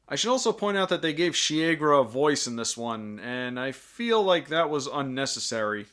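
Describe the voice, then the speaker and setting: A man's voice: on the high side, expressive, moderate pace, hardly any pauses, a bit bright. Sarcastic male film reviewer. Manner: sarcastic, jokey. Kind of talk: scripted review commentary.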